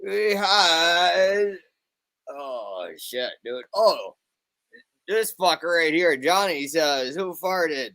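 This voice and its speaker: Brief: man voicing slacker dealer, drawling dude-and-bud talk, slow delivery. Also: on the high side, animated, bright, forceful tone, exaggerated voice. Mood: laid-back. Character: slacker male memorabilia dealer who says dude. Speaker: recurring comic character. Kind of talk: comic sketch.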